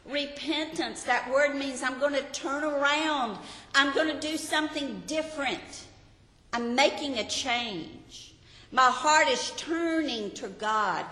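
A woman's voice: high voice, takes it slowly, sharp tone. A woman teaching a Bible lesson to a group, earnest and often asking her listeners rhetorical questions. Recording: roomy hall reverb.

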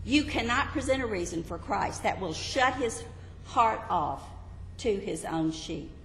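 Brief: earnest woman Bible teacher, very lively pitch, recorded in a hall with long reverb. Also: unhurried, a little hiss or hum. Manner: earnest, expressive, emphatic. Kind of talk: Bible teaching with read quotes. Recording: echoey hall, faint ambience.

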